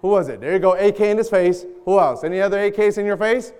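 A man preaching a sermon, animated and jokey, quizzing the congregation. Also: high voice, fast, clean tone. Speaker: pastor. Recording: echoey church hall.

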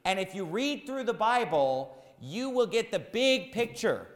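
A man's voice: high-pitched, big pitch swings, unhurried, in a large hall. A man preaching a sermon as pastor, emphatic and repeating key phrases for stress.

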